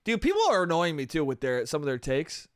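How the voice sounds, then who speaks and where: A man's voice: on the high side, sing-song, fast talker, clear, resonant tone, no echo, studio quality. A man hosting a solo comedy podcast, rambling in a loose, profane, self-amused way with lots of restarts. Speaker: podcast host.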